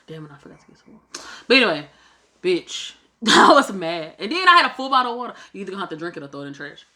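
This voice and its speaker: A woman's voice: mid-range voice, rapid-fire, slight background noise. A young woman casually telling a travel story, swearing freely and acting out what people said. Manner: animated, swears freely, acts out quotes.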